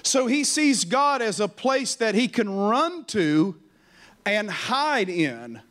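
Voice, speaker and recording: A man preaching a sermon with animated call-and-response, sometimes mocking with stammers and silly voices. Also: takes it slowly. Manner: mocking stammer and high laughing voices for effect. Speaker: pastor.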